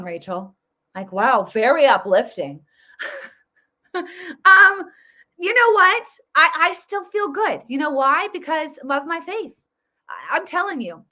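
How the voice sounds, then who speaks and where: With a fairly high, pushed, bright voice, a woman in her thirties runs her own political commentary video. Her delivery is emphatic and casual, peppered with fillers and restarts.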